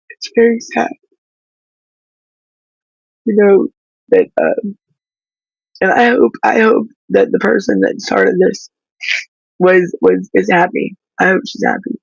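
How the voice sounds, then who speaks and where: A woman whose child is in foster care, speaking through tears in halting, pleading talk that stops and restarts. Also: mid-range voice, fairly even intonation, gravelly, slightly rough, no echo, dull audio. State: crying, tearful. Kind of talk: emotional livestream talk.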